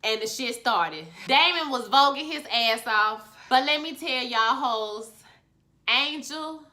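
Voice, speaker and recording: A woman reviewing a TV episode in a casual vlog, sassy and animated, full of ballroom slang. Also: on the high side, measured pace. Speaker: TV show reviewer.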